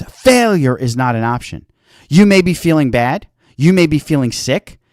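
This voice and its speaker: An earnest male health-show host gives a motivational talk, his pitch swinging up and down in a lively way. He slips into little acted-out exchanges as he talks. The sound is dry and close, with no room echo. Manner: earnest, animated, acts out little quoted exchanges.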